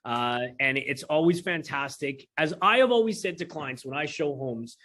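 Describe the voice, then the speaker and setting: A man's voice: on the high side, expressive, moderate pace, bright, forceful tone. A man who is a realtor, co-hosting a podcast in a chatty, upbeat way. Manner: chatty, upbeat, hosts the guest. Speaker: realtor co-host. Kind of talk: casual podcast chat.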